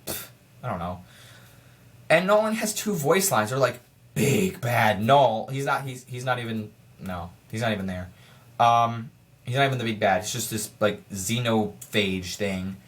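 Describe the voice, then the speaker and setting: A film reviewer giving a casual spoiler review, rambling and excitable, often restarting sentences and firing off frustrated rhetorical questions. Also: medium pitch, moderate pace. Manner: rambling and excitable, with frequent restarts and stammered repeats.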